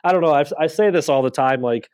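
A man's voice: a little high, a little mellow, smooth. Modest man chatting as a podcast guest. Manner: modest, self-deprecating, halting restarts. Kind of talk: casual podcast chat.

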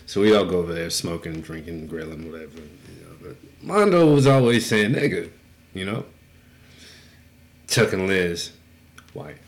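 A man's voice: low-pitched, lively intonation, moderate pace, pauses often. A man co-hosting a podcast, telling stories in a laid-back, profane casual style. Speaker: podcast co-host. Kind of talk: casual storytelling.

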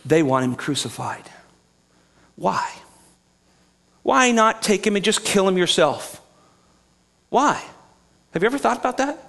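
A man preaching a sermon, reading scripture aloud and then explaining it with emphatic questions to his listeners, sometimes hushed and sometimes raised. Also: high voice, sing-song, a little slow, gravelly, long pauses. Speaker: pastor.

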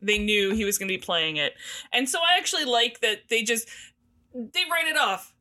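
Animated woman recapping an episode. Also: on the high side, moderate pace. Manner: animated, laughing, quotes characters in playful voices. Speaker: podcast co-host. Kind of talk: casual recap chat.

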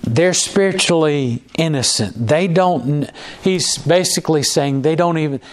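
A man's voice: a little high, a little slow. A man preaching a conversational sermon, restarting words often and acting out quoted lines.

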